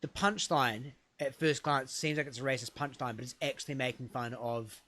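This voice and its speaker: A man co-hosting a casual comedy podcast, rambling and self-deprecating, often trailing off into quiet mumbles. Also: mid-range voice, moderate pace. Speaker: podcast co-host.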